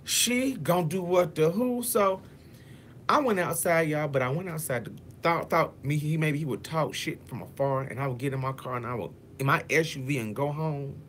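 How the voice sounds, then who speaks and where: In an animated storytime vlog, a man with a slightly high, somewhat bright voice tells his viewers a story at normal speed, calling them "y'all." He curses freely, plays it up dramatically, and acts out each person's lines in shifting voices, with a little hiss or hum in the recording.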